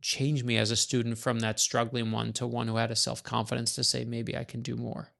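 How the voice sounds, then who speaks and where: A middle-aged man from New York, an author guest, telling stories in a quick, animated way and acting out the voices of people he quotes. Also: medium pitch, gravelly. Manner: animated, fast-talking storyteller, acts out quoted lines. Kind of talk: conversational storytelling.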